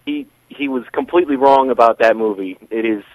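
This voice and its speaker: A man, calling in to a radio show and arguing with the hosts, hesitant at first and quickly indignant. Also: medium pitch, no echo, muffled recording. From New York. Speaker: caller. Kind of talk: casual radio banter.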